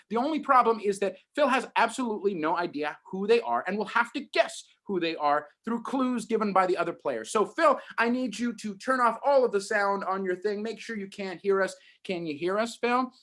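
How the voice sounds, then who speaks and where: A man's voice: high-pitched, a bit bright. A man hosting a livestreamed improv show, upbeat and explaining the games with many ums. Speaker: host.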